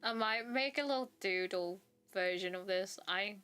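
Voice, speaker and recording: A woman's voice: mid-range voice, normal speed, sharp tone, clean tone. Rambling young woman chatting while drawing. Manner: rambling, self-interrupting, trails off. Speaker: artist streamer. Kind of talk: casual chat while drawing. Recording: faint background music.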